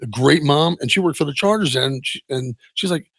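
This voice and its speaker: A middle-aged man speaks candidly as an interview guest, his voice husky with a gravelly edge. He pauses and restarts often, trailing off softly. The sound is dry and close. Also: fairly high pitch, no room sound. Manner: halting, many restarts and soft trailing asides. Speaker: interview guest, retired football player. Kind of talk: candid personal storytelling.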